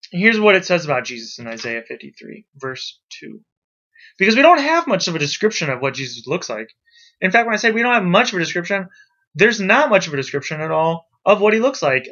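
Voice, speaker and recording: A man teaching a class, talking to students in a lively, emphatic way. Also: fairly high pitch. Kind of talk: classroom lecture. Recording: dull lo-fi recording.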